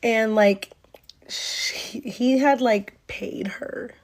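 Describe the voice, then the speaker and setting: A woman's voice: fairly high pitch, fairly even intonation, drawn-out words. A young woman from North Carolina telling a casual storytime monologue, rambling through fillers and swearing as she acts out quoted lines.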